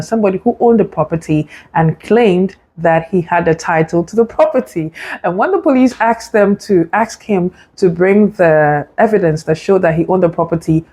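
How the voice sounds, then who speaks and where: Lady giving property tips, kinda low warm voice, earnest storytelling. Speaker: real estate advisor. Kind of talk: advice talk to camera.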